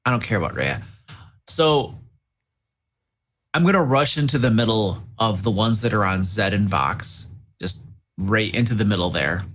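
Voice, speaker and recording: A man playing a tabletop game, lively and hamming up his character's taunts. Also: lowish voice, moderate pace, long pauses. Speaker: player.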